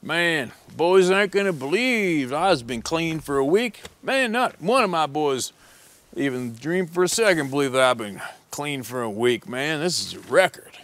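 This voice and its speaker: A man voicing a strung-out male hunter high on meth, whining and drawling in a pleading, belligerent way. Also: lively intonation, a little slow, fairly bright tone. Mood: boastful.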